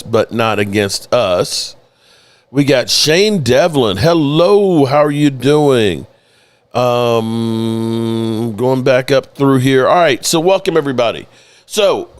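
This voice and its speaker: A man's voice: medium pitch, no room sound. A man hosting a live sports talk stream, loose and joking, swearing freely as he greets viewers by name. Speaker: host of a sports news channel.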